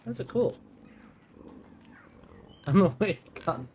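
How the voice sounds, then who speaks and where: A man's voice: sits high, big pitch swings, extremely slow, warm tone, a little hiss or hum. A young man streaming a story game, chatting casually and reading its dialogue aloud in a playful manner. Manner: playful, swearing, reacts with little gasps and laughs.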